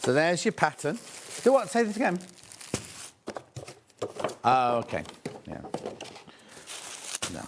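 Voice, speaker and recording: Male shopping presenter, chatty and gushing, lively swooping pitch. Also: slow pace, long pauses, heavy background noise. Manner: chatty, gushing, thinks aloud while unpacking. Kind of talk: live sales presentation.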